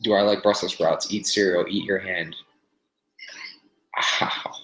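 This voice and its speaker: His voice sits low, steady and unhurried with a fairly bright tone as this vlogger hosts a casual livestream. Nursing a burned hand, he groans, sighs and swears between remarks, recorded in an echoey room with faint noise.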